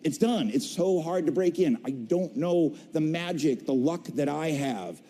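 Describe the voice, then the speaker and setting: A man's voice: a little high, lively intonation, a little slow, warm tone. A middle-aged man, a voice actor on a convention stage, tells his career story with playful, self-mocking humor and acts out the people he quotes. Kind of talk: animated storytelling to a live audience. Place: convention stage in a large hall. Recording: long reverb of a large hall.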